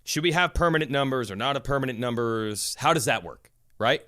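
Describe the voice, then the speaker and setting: A man talking casually on a podcast, an animated storyteller who acts out quotes. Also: mid-range voice, a little fast. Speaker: motocross broadcaster, podcast guest.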